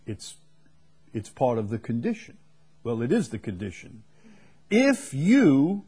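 A man's voice: on the low side, vocal fry, a little mellow, breathy edge. A man preaching a sermon, stressing and repeating key words with rising emphasis.

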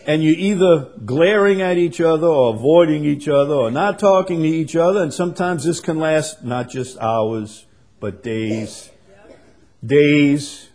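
A man preaching a sermon, swinging from quiet and conversational to loud, emphatic passages. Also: fairly high pitch, a little slow. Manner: builds to loud emphatic preaching, then drops soft. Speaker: pastor.

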